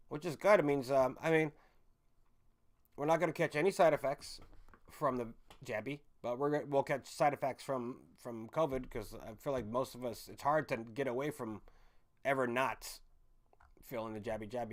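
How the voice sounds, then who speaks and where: Rambling, profane livestream host man. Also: mid-range voice. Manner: rambling, swearing, self-correcting. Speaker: livestream host chatting with viewers. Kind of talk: casual live-chat rambling.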